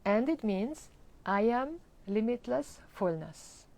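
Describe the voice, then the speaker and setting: A woman teaching a live online Sanskrit chanting lesson, explaining pronunciation and then chanting words slowly. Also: on the high side, lively intonation, gravelly, a little mellow.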